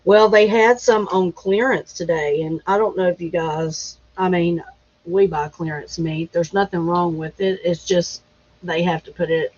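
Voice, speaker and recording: A woman hosts a relaxed livestream, greeting viewers by name and talking at an unhurried pace. She laughs easily and keeps it chatty. The stream audio is dull and lo-fi. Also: on the low side. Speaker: livestream host. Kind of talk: casual live chat.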